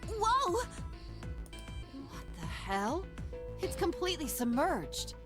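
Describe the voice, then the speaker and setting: A woman's voice: a little high, very animated, normal speed, over music. A woman voicing an alarmed young woman who objects and exclaims. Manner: startled, exclaiming.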